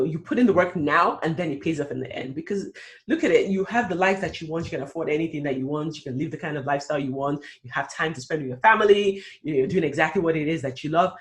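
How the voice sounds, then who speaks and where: A middle-aged man, a career coach, giving an emphatic, animated motivational webinar pitch and acting out the doubts of others.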